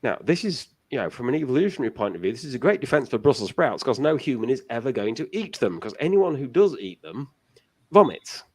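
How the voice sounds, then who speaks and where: A man's voice: medium pitch, very animated, fast, darkish tone, slightly rough. A man as a guest on a casual talk show, giving long explanations with many restarts.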